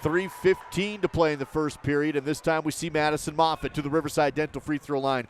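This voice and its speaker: A man calling basketball play by play in short, rapid bursts. His voice sits a little high, and it lifts when a shot misses. Faint noise hums underneath. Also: steady tone. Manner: rapid, clipped calls that rise on misses. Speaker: play-by-play announcer.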